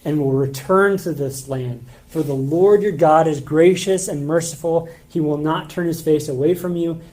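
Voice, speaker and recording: A pastor preaches a sermon in church, reading scripture passages aloud and explaining them conversationally with casual filler words. His voice is on the high side and warm, at a normal speed, and the recording is rough.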